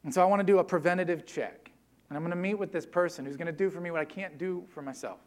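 A middle-aged male pastor preaching an earnest sermon, swinging between loud emphasis and hushed, low passages. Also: quick pace.

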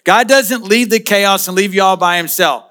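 High bright-voiced preaching man. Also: normal speed. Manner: conversational preaching with asides and jokes. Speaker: pastor. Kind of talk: sermon.

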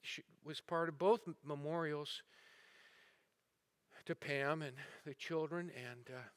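A male pastor preaching a sermon, telling stories with swings between building intensity and a hushed, somber tone. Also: a little high, slow. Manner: dramatic storyteller, rising and falling intensity. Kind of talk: sermon storytelling. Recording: sermon audio recording.

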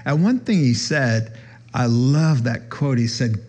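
A man's voice: animated, slow pace, a little mellow. A man preaching a sermon in a conversational way, acting out the voices of the people he quotes. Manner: conversational, acts out quoted voices with rising pitch. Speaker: pastor. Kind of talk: sermon teaching.

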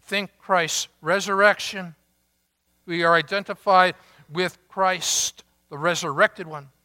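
A man preaching a sermon, slow and emphatic, drawing out key words with long pauses. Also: sits high, fairly even intonation, sharp tone. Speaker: pastor.

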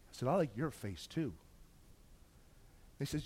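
A middle-aged man from Canada, telling a personal testimony as a story and acting out the dialogue with jumps in pitch and loudness. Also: animated, normal speed, pauses often, husky. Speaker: speaker sharing a personal testimony.

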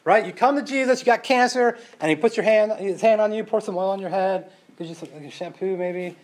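Casual preacher with a high male voice, shifts from loud emphasis to quiet asides. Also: fairly quick. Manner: casual, rhetorical questions, tag "right?". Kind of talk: conversational sermon.

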